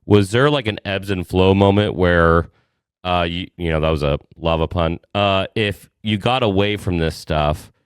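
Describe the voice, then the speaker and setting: A male podcast host with a very low, smooth voice. He asks long, meandering questions and often stops to restart a sentence. The sound is dry and close. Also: no echo. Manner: rambling, halting question with restarts. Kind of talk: casual interview.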